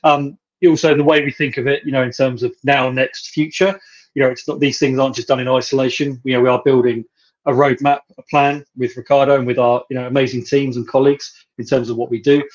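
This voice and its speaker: A man's voice: medium pitch, level tone, fast talker. A man hosting a company podcast, thanking the listeners in a rambling way and saying "you know" over and over. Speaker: podcast host. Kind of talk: podcast interview. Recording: dull lo-fi sound.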